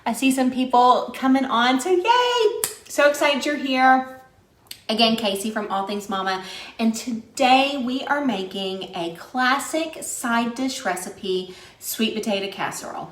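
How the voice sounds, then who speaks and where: Her slightly high, somewhat bright voice rings through an echoey room as this West Virginian cooks live on stream. She keeps things cheerful, talking with her viewers and laughing frequently.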